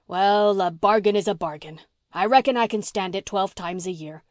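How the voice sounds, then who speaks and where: A woman voicing a blustering, gruff old farmer man in an audiobook, bossy and teasing, repeating himself as he talks. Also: medium pitch, moderate pace, no echo, studio quality, lightly acted. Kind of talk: audiobook reading.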